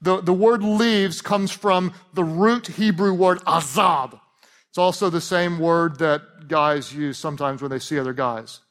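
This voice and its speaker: A man with a high voice preaching to a large church. He is animated and jokey, and he often leans on punchlines and call-and-response lines. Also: measured pace. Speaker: pastor. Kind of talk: sermon.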